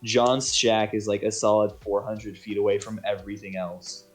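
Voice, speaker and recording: A man's voice: fairly low pitch, little pitch movement, moderate pace, soft background music. A man narrating as game master on a tabletop game stream, casual and rambling, with many restarts. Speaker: dungeon master.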